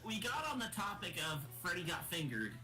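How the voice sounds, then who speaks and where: A man's voice: sits high, big pitch swings, fairly quick. A man chatting casually with friends, teasing and often restarting his sentences. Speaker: friend on stream. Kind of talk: casual chat. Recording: echoey room with music.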